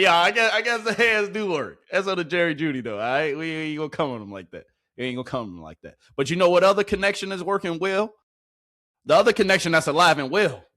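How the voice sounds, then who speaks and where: A young man casually breaking down football practice clips, excitable and full of slang, repeating his lines and laughing as he goes. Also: on the high side. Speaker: football reaction commentator. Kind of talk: casual hyped clip breakdown.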